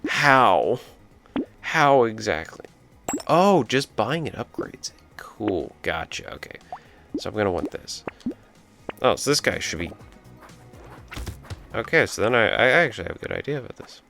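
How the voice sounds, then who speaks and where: A man's voice: on the low side, sing-song, a little slow, vocal fry, pauses often, music in the background. A man telling a rambling story while playing a video game, breaking off to react to the game. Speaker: let's play commentator. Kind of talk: casual storytelling over gameplay.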